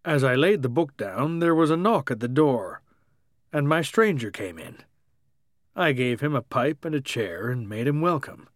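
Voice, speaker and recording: Casting: male audiobook narrator, measured and literary, dry close-mic sound. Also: medium pitch, no echo.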